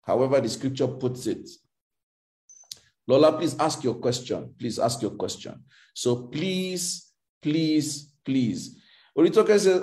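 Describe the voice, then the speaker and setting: A man leads an emotional intelligence session, repeating each point with the rhythm of a preacher. His voice sits fairly high, with a mellow, warm tone. He speaks emphatically throughout. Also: lively intonation, unhurried. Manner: emphatic and repetitive, preacher-like cadence. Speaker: motivational coach.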